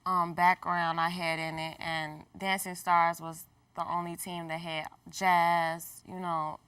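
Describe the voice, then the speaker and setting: A young woman college student, a dancer, answering interview questions in a relaxed way. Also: lowish voice, takes it slowly, clean tone, no echo, recorded from a distance. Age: young adult. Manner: relaxed, with frequent "um" and "you know".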